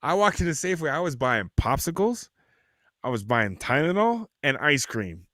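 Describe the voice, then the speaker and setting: Swearing animated man telling stories. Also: a little high, moderate pace, dry recording, clean studio sound. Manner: animated storyteller, mocking voices, swears a lot. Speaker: podcast host. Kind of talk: casual profane chat.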